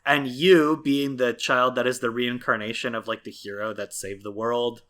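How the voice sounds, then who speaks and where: A man's voice: medium pitch, steady tone, normal speed, fairly bright tone. A man co-hosting a podcast, talking casually and at length with many fillers and restarts. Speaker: podcast co-host. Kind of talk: casual chat.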